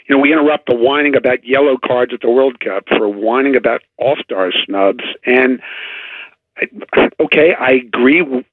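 Gravelly man on a phone line. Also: mid-range voice, no room sound. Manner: chatty, halting, sarcastic asides. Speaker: baseball writer guest. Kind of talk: casual radio sports chat. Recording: dry tinny phone line.

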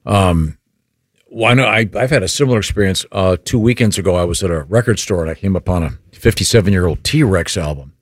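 A man's voice: deep voice, brisk, no room sound, clean studio sound. A man co-hosting a talk radio show, rambling and self-deprecating in banter. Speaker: radio co-host.

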